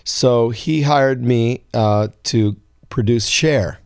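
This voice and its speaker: A man in his sixties telling a long story as an interview guest, acting out quoted lines in a higher voice. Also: takes it slowly, clean tone, dry recording, studio quality. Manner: animated storyteller, acts out quotes in a high voice. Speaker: guest songwriter.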